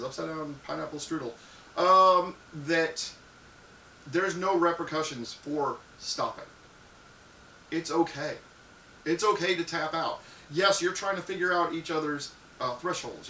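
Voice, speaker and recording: Crude talky guy hosting a live stream, bright edgy voice, echoey room, sits back from the mic, faint hiss. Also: a little high, far from the mic. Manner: frank and crude, acts out little scenes in loud voices. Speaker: live show host answering viewer questions. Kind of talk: casual live-stream advice talk.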